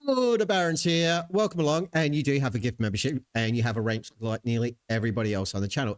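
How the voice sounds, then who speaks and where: A man's voice: medium pitch, fast talker, hardly any pauses. A man hosting his channel, chatting casually and reacting to a video with wry, sarcastic asides. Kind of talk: casual live-stream commentary.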